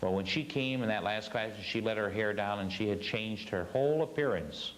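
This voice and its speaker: A man's voice: lowish voice, moderate pace, slight background noise, low-quality recording. A man teaching a spiritual class, telling a story earnestly and stressing his points with repeated phrases.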